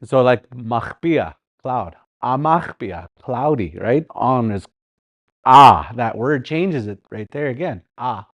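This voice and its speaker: A middle-aged man teaching a livestreamed language class, repeating words slowly, chanting song lines and laughing often. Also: medium pitch, lively intonation, dry recording, muffled recording.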